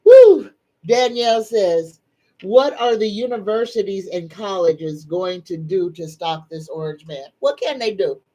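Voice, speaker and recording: A woman's voice: lowish voice, unhurried, low-quality recording. A middle-aged woman, hosting a live psychic chat in a folksy, emphatic, preachy way. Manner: tearful, soft-spoken. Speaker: psychic livestream host. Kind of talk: casual live-stream chat.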